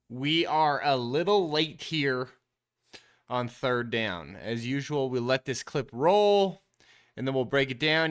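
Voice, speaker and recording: Bright, crisp-voiced man coaching through game film. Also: a little high. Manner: coach-like, explains step by step, addresses viewers as team. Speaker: quarterback trainer and show host. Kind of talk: casual football film breakdown commentary.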